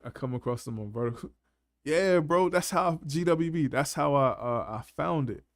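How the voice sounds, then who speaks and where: A man's voice: a little high, expressive, moderate pace, dry recording, clean studio sound. Laughing, slangy man hosting a chat. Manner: laughs often, loose slangy banter. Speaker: panel host. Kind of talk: casual live chat.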